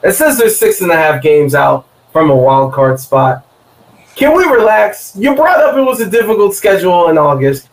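A man's voice: sits high, sing-song, normal speed, reverberant, low-quality recording. A man on a sports podcast, chatting casually in a playful, teasing, jokey way. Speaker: podcast guest.

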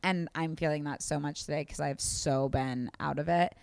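A young woman with a lowish voice, talking in a relaxed, reflective way about inner life and cracking light jokes. Her voice sounds dry and close to the mic, with no room around it. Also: normal speed, creaky, dry recording. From Kansas. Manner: reflective, spiritual talk with playful jokes. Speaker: podcast co-host. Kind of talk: casual chat.

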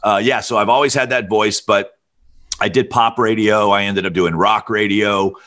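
A middle-aged man from Alabama with a rich, deep voice, telling stories as an interview guest. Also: normal speed. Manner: relaxed storyteller with a deep radio-style voice. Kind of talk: storytelling interview.

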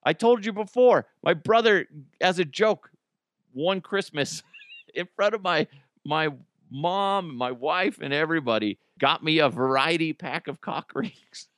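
A man's voice: a little high, measured pace, a bit bright, no room sound, clean studio sound. A man hosting a comedic solo podcast, joking animatedly and laughing often. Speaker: podcast host.

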